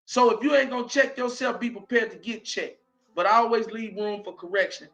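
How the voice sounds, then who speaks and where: Southern guy hosting, preachy pep talk, real high bright voice, gets loud. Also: fairly quick, faint music behind. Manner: preachy and emphatic, rising to shouts. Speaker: show host. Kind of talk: motivational monologue.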